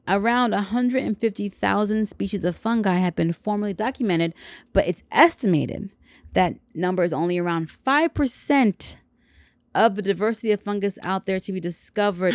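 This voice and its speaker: A woman's voice: mid-range voice, moderate pace, a little mellow, dry recording. A woman hosting a podcast, reading a science news story aloud and breaking off with dry, sarcastic asides. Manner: sarcastic, wry commentary. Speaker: podcast host.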